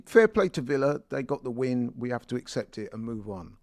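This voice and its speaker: A man in a football talk show, calm and confident, making measured points. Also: medium pitch, no echo, clean studio sound. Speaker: football pundit. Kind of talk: sports talk show discussion.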